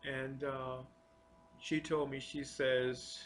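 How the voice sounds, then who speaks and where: A man telling a personal spiritual testimony in an earnest, confessional way, halting and often repeating his words. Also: medium pitch, level tone, a little hiss or hum. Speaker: storyteller sharing a personal testimony.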